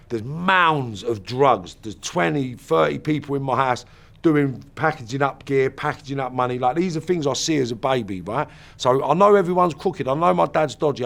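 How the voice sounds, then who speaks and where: A man's voice: on the high side, creaky. A man giving an interview, telling a hard personal story in a raw, emotional way.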